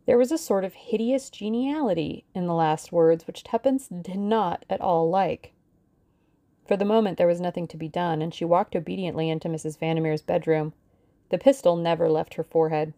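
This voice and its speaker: A woman reading a novel aloud as an audiobook narrator, in a measured, steady storytelling manner. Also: on the low side, no room sound. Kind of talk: scripted narration.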